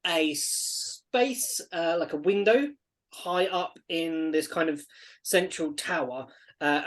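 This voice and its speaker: Woman game master, low and hesitant. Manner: halting, full of ums and laughs. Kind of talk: narrating a tabletop game.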